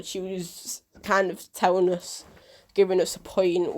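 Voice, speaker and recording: Animated woman telling a story. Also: fairly low pitch, a little slow. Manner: animated storyteller who acts out quoted dialogue. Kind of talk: storytime vlog.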